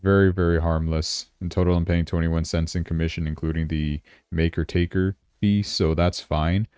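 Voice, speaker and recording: Low mellow guy on a crypto stream, kinda tired, dry close sound. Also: level tone, normal speed, smooth, no echo. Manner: thinks aloud while checking charts, chatty. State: yawning, tired. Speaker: crypto livestream host. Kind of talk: casual livestream commentary.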